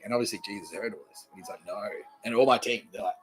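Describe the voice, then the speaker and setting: A man's voice: fairly low pitch, very fast, hardly any pauses, a bit bright, soft background music, poor audio. An Australian man hosting a podcast, talking alone in a rambling, profane, repetitive way. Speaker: podcast host. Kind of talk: rambling solo monologue.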